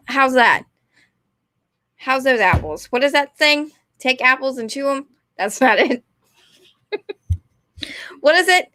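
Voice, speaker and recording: A woman's voice: high-pitched, expressive, measured pace, long pauses, pushed and bright, dry recording, clean studio sound. A young woman, ranting casually and rambling, often apologizing and putting herself down. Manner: rambling, apologetic, self-deprecating. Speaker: vlogger.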